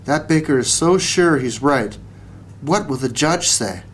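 A man's voice: on the high side, expressive, a little slow, fairly bright tone, a little hiss or hum. A man voicing a mild, folksy cowboy in a storybook. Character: easygoing drawling male cowboy, humble.

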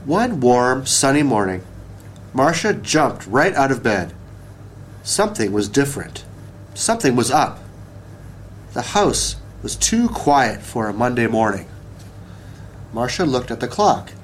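A man reading a children's picture book aloud, page by page, in an expressive, measured storytelling voice. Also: mid-range voice, a little hiss or hum.

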